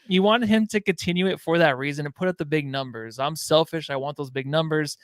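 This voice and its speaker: Higher-pitched man rambling about basketball. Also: brisk, dry recording. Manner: loose, rambling, sprinkled with swearing and "like". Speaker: podcast co-host. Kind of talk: casual sports chat.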